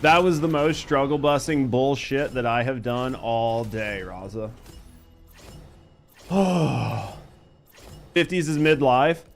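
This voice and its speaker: A man's voice: medium pitch, slow pace, pauses often, soft background music. A man in his thirties streaming a game, joking and swearing as he chats with viewers. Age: 30s. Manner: profane, joking, reads chat aloud while playing. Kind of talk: casual gaming stream chat.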